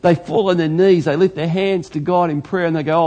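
Aussie pastor guy preaching, husky voice, a bit high, gets loud and fired up. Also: brisk, hardly any pauses. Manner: animated, rising to loud exclamations. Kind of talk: sermon.

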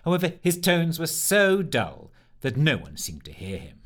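A man reads a storybook aloud, with a lively, swinging pitch and an expressive, animated delivery. He narrates steadily, rising and falling through the sentences. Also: moderate pace.

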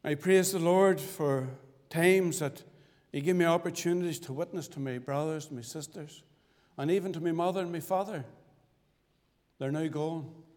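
Guy preaching his testimony, bit high voice, big echoey hall. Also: a little mellow. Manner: earnest, pleading, with dramatic pauses. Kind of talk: gospel testimony sermon. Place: church fellowship hall. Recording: long hall reverb.

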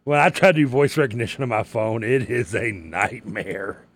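A man's voice: on the low side, moderate pace, no room sound. A man with a Southern accent and a slight lisp, co-hosting a sports radio show, laughing often and tripping over words. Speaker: radio co-host. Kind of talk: casual sports radio banter. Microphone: headset.

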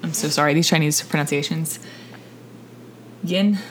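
A woman's voice: low voice, fairly even intonation, moderate pace, slight background noise, rough recording. A young woman co-hosting a casual podcast, chatty and giggly, rambling through stories in an attic room. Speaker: podcast co-host.

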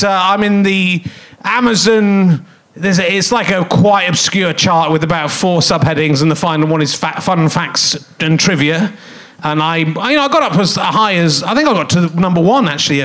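High-voiced, jokey rambling man in his fifties. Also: fairly bright tone. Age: 50s. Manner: rambling, self-mocking, jokey asides. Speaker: podcast host. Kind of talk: comic live podcast hosting on stage. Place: theatre stage.

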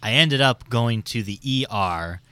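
Bright, smooth-voiced young man. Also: medium pitch, expressive, a little slow, dry recording. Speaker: podcast co-host. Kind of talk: casual podcast chat. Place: public restaurant seating area. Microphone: podcast microphone.

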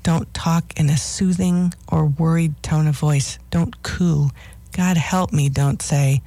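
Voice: medium pitch, steady tone, a little slow, mellow, dry recording. A radio host of a dog-training show, giving firm, instructive advice as a list of do's and don'ts.

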